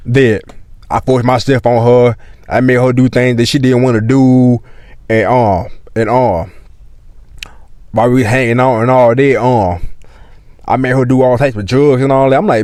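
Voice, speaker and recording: A man's voice: mid-range voice, normal speed, darkish tone, no room sound, studio quality. A young man telling a storytime vlog in casual, slang-heavy, profane talk that loops back and repeats itself.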